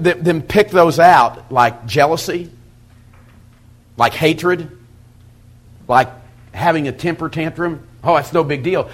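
A middle-aged man teaching as a pastor, folksy and animated, acting out quoted asides. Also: fairly high pitch. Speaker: pastor teaching a Bible study method. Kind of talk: sermon-style teaching talk.

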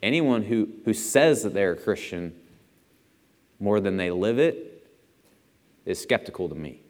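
A man's voice: on the low side, animated, a little slow, darkish tone. Chatty young man preaching in a reverberant hall. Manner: chatty and self-deprecating, chuckles often. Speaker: church speaker. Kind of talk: casual sermon with stories. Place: church auditorium.

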